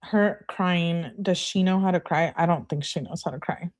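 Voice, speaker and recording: A woman's voice: on the low side, moderate pace. A woman hosting a true-crime channel, reading text messages aloud and adding dry, sarcastic asides in a casual way.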